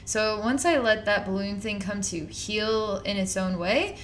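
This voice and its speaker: Speaking at a measured pace in a mid-range voice, a woman gives an improvised psychic reading. She's conversational and repetitive, rambling and slipping in slang as she goes. There's slight background noise.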